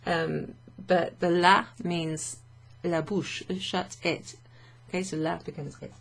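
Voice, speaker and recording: A woman's voice: lowish voice, fairly even intonation, takes it slowly, gravelly, heavy background noise. A woman teaching French vocabulary to learners, chatty and thinking aloud with fillers and frequent little laughs.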